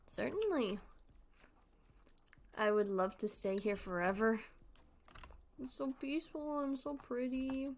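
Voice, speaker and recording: A woman's voice: mid-range voice, unhurried, long pauses. A 22-year-old woman streaming a game, chatting casually and playfully with frequent giggles. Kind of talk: casual gameplay chat.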